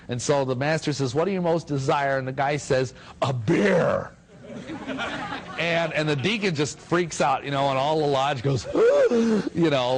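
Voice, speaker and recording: A man's voice: medium pitch, poor audio. A middle-aged man giving a talk to an audience, telling stories and acting out quotes with jokes along the way. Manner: animated, jokey, acts out quotes. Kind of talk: lecture to an audience, storytelling.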